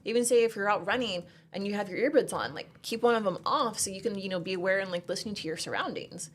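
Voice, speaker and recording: A woman's voice: medium pitch, quick pace. A woman who leads a women's shooting program, telling stories in a chatty, upbeat podcast conversation full of "like".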